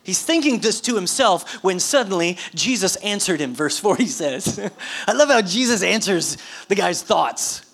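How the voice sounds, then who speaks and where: A woman preaching a sermon, telling a scripture story in a lively, animated way with questions to the congregation. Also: mid-range voice, normal speed. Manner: animated storytelling with audience prompts and laughter.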